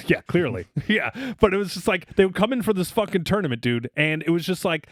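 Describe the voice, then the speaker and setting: A man's voice: high-pitched, lively intonation, brisk, no room sound, studio quality. A man co-hosting a podcast, ranting crudely with exaggerated mock anger. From Boston area, US. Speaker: podcast co-host. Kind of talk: profane comedic rant.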